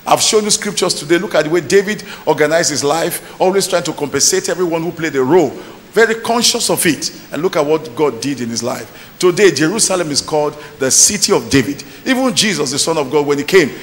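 A man's voice: a little high, expressive, fairly quick, fairly bright tone. A male pastor preaching a sermon in church, emphatic and often asking the congregation whether they are listening. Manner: emphatic preaching with call-and-response questions. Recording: reverberant church hall with faint noise.

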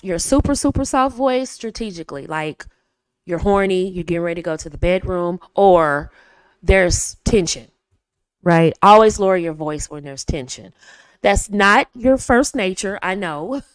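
A woman hosting a coaching talk for women. She is animated and acts out little dialogues in a sweet, high voice. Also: no room sound, studio quality. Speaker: host.

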